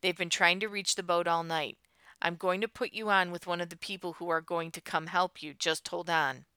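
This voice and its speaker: A woman's voice: fairly low pitch, fairly even intonation, moderate pace, pushed and bright, clean tone, dry recording. A woman voicing a frantic, worried mother on the phone. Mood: reassuring. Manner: frantic, then reassuring.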